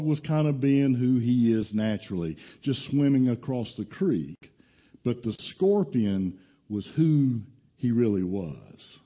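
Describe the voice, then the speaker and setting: Male pastor, casual and storytelling, dark warm voice, muffled lo-fi capture. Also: mid-range voice. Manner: folksy, casual, teasing, storytelling. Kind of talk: sermon. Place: church.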